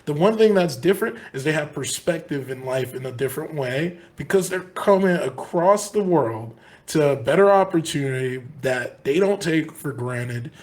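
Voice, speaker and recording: A man's voice: fairly high pitch, lively intonation, normal speed, few pauses. A man co-hosting a sports podcast, talking casually in long, earnest, rambling stretches full of restarts. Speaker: podcast co-host.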